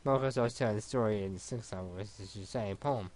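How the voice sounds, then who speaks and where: A man reading a visual novel aloud for a let's play, in an even, unhurried way with small stumbles. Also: lowish voice.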